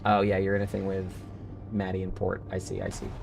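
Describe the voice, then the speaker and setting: Gravelly streamer man chatting casually. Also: low-pitched, completely flat delivery, fairly quick, music in the background. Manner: chatty, swears casually, banters with friends and chat. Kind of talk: casual live-stream chat while gaming.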